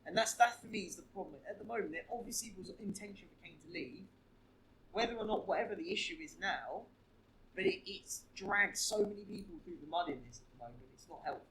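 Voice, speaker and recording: Male podcast co-host, high voice, animated, opinionated, keeps restarting sentences. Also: quick pace, low-quality recording. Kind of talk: casual football podcast chat.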